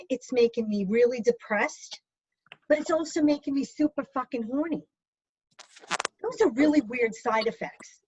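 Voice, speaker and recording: A woman doing a stand-up comedy set from home, crude and self-mocking in her punchlines. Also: high voice. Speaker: stand-up comic. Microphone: video call computer mic. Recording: muffled video call audio with background hiss.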